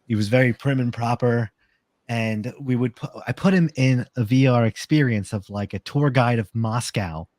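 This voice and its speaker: A slightly tipsy man chatting on a podcast at a middle pitch, his voice close and dry with no room sound. He rambles, restarts and repeats words as he tells his stories. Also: normal speed, a little mellow, no echo. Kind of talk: casual podcast chat.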